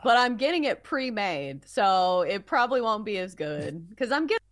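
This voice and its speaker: A woman's voice: mid-range voice, sing-song, normal speed, no echo, studio quality. A woman hosting a sports talk show, chatting playfully and steering the segment. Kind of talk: casual sports radio chat.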